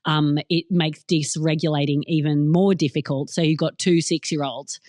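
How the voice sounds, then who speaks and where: A woman's voice: deep voice, steady tone, normal speed, darkish tone, no room sound, studio quality. A woman with an Australian accent, a comedian chatting as a podcast guest, candid and self-mocking with frequent laughter. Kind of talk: casual podcast chat.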